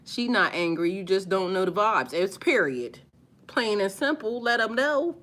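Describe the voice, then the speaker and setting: Sassy, bright-voiced woman live-streaming. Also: lively intonation, measured pace. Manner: sassy, blunt, talks back to commenters; rises loud and high when worked up. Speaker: spiritual live-stream host. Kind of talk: live-stream chat replying to viewers.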